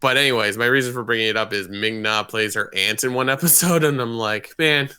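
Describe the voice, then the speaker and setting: A man co-hosting a podcast in casual chat, easygoing and agreeable, often chiming in with quick yeahs. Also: on the low side, pushed and bright, clear, resonant tone. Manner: easygoing, agreeable, many "yeah"s and "like"s. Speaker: podcast co-host.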